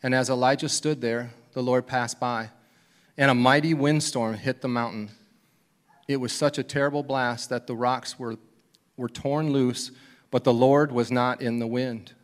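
A man preaching a sermon as pastor, retelling a scripture story and acting out its scenes, dropping to a whisper for the quiet moments. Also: mid-range voice, steady tone, unhurried.

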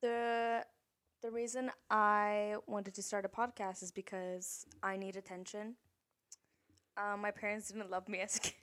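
A woman's voice: medium pitch, little pitch movement, a little slow, a bit bright. A woman from Texas co-hosting a podcast in casual chat, joking and teasing with dry humor. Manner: jokey and teasing, laughs often. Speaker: podcast co-host.

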